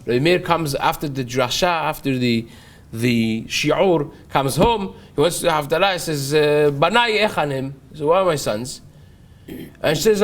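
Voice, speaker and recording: Animated rabbi telling a Talmud story. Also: male voice, a little high, moderate pace. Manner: animated storyteller, acts out dialogue, frequent restarts. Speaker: rabbi teaching daily Talmud class.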